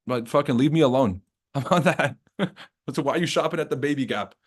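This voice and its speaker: A man's voice: medium pitch, expressive, fairly quick. A man hosting a live trading stream, ranting casually with heavy profanity, mocking, laughing at his own jokes, then going into market commentary. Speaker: trading livestream host.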